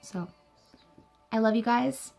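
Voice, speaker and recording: Young woman vlogger, earnest and encouraging, gravelly fry in her voice, soft music underneath. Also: a little high, slow pace. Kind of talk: heartfelt personal talk to camera.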